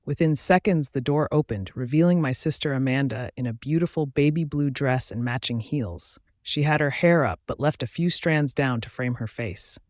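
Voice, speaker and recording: A man reading an audiobook aloud in a steady, even way, with a mid-pitched voice. The sound is close and dry, with no room echo. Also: moderate pace, hardly any pauses. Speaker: narrator. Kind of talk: audiobook narration.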